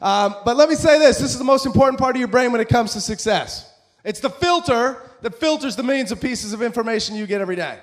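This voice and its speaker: Excitable American man giving a motivational talk. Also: sits high. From USA. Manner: excitable, animated, jokey. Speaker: motivational speaker.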